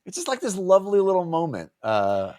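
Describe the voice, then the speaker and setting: Man co-host, slightly high voice, chatty book talk, dry sound. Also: huge pitch swings, fairly quick, darkish tone, dry recording. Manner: laughing often, acting out characters' lines. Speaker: podcast co-host. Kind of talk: casual book club chat.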